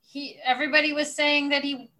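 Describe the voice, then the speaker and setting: A woman in casual chat, adding quick wry comments and laughing along. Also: high-pitched, flat delivery, sharp tone. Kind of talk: casual chat about reality TV.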